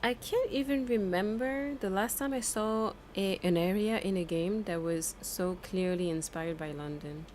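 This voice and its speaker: This is a woman giving casual gameplay commentary, chatting away at a middle pitch. She rambles and jokes, swearing now and then with a laugh. A faint hum of room ambience sits behind her voice. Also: unhurried, few pauses, darkish tone. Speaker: game streamer.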